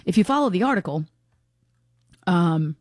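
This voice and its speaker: A woman's voice: on the low side, animated, moderate pace, a little mellow, no echo, studio quality. A woman hosting a talk radio show, chatting frankly and giving her opinions in a casual, unscripted way. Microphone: studio microphone.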